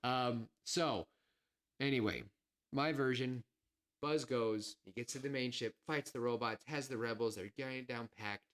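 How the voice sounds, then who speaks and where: A man co-hosting a podcast, chatting casually and pitching a film idea, rambling with lots of fillers and self-corrections, a little nervous. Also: a little slow, fairly bright tone, clear, resonant tone. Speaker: podcast co-host.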